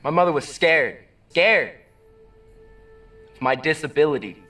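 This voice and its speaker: Earnest guy, halting, fairly high voice, far from the mic. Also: animated, sharp tone, soft background music, full character voice. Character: man speaking about his own disability.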